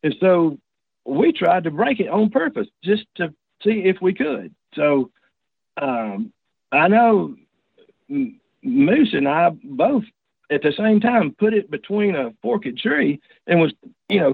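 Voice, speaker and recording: A man's voice: high-pitched, very animated, gravelly, husky, no room sound. A man telling a personal story in a casual, rambling way, stopping and restarting often. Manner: rambling, halting, many restarts. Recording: dry tinny phone line.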